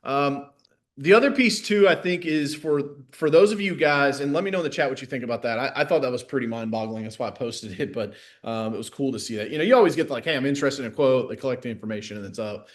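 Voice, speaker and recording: A man in a middle pitch coaches a live online class in an easy, off-the-cuff way. He leans on fillers and swings from loud, excited bursts to quiet, muttered asides. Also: fast. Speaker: sales coach. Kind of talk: casual live masterclass talk.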